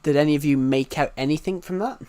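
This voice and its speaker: A man's voice: a little high, fast, darkish tone, clear, resonant tone. A young British man streaming a game live, rambling and repeating himself as he narrates each move. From United Kingdom. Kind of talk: live gameplay commentary.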